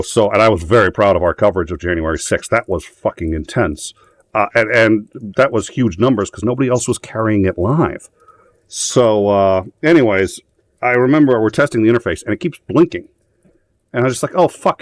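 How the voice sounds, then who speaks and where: A man's voice: on the low side, no echo. A man hosting a live show, telling a story in rambling, profane casual chat full of fillers. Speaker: host.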